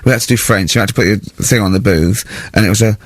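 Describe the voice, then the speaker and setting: A man hosting a radio show, telling school stories in a lively way and laughing a lot. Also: on the low side, fast talker, dry recording. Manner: animated storyteller, laughing, acting out voices. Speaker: radio host. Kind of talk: casual radio banter. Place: radio studio. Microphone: studio mic.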